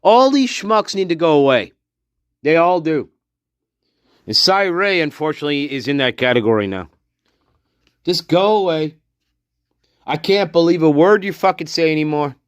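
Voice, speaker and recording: A man's voice: fairly high pitch, lively intonation, clean tone, no room sound, clean studio sound. A man giving angry true-crime commentary, profane and contemptuous, dragging out his insults. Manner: profane, contemptuous, name-calling; slow, drawn-out insults.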